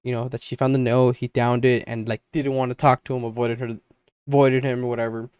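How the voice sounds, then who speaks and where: A man's voice: medium pitch, level tone, a little fast, a little mellow, clear, resonant tone, dry recording, studio quality. A young man co-hosting a podcast, telling a long story in a rambling casual way and acting out his friends' lines. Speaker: podcast co-host.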